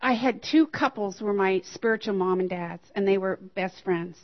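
A woman stands before her church and shares a personal testimony, moving freely through her story and putting on the voices of the people she quotes. Her voice sits at an ordinary pitch for a woman. The recording is dull and lo-fi. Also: moderate pace. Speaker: church member sharing a testimony.

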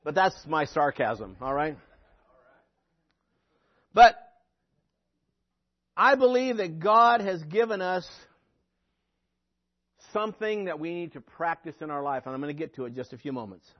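Male pastor, high voice, emphatic sermon delivery with sarcastic asides; muffled lo-fi audio. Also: very animated, measured pace, long pauses. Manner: preachy, rising to emphatic peaks, dry sarcastic asides.

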